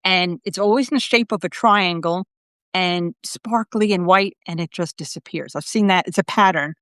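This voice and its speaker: A middle-aged woman hosting a show as a psychic medium, chatting casually and telling lively stories in which she acts out the lines of the people in them. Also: on the low side, moderate pace, no room sound. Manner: lively storyteller, acts out quotes with laughter. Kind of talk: casual conversational chat.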